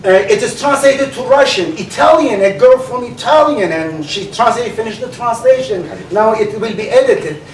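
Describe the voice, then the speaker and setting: Turkish-accented male debate speaker, animated, halting, lots of fillers; high voice, roomy distant sound. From Turkey. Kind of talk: public debate speech. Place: large hall. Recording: echoey hall recorded from far off.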